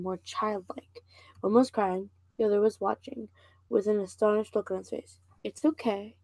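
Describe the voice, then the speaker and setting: A woman's voice: mid-range voice, mellow, no room sound, poor audio. A woman casually reading a novel aloud, stumbling and restarting over words now and then. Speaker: reader and channel host.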